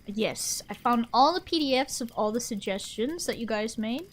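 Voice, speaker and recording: A woman's voice: on the high side, animated, normal speed. A young woman streamer chatting casually with her live audience, rambling and answering chat aloud.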